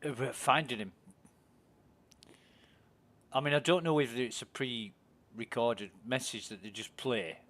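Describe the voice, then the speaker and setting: A chatty British man who talks casually to friends while he streams a game. He asks question after question in an ordinary, mid-pitched voice. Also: takes it slowly, long pauses, fairly bright tone. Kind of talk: casual chat while gaming.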